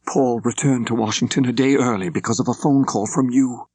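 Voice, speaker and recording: A man voicing a composed, scornful woman who speaks in a cool, cutting, deliberate way. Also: mid-range voice, fairly even intonation, a little mellow, husky, no echo, pitched above the performer's own voice, lightly acted. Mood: accusing.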